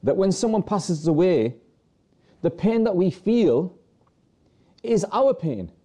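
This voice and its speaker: Man preaching in a very dark, mellow voice. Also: high-pitched, big pitch swings, takes it slowly. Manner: preaching with rhetorical questions and repeated phrases. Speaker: religious TV presenter. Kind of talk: earnest religious talk to viewers.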